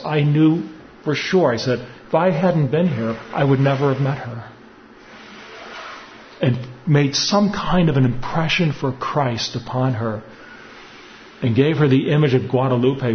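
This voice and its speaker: A man's voice: mid-range voice, muffled recording, slight background noise. A man preaching as a priest, telling a personal story in a chatty way and chuckling often before turning to a reflective point.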